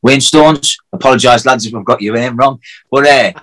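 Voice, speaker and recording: A man's voice: mid-range voice, fairly even intonation, a bit bright, poor audio. A man from Hartlepool with a North East English accent, an acoustic singer-songwriter chatting casually, swearing freely and full of fillers. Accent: Hartlepool, North East England. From Hartlepool, England. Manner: swearing, fast, lots of fillers. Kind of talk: casual chat.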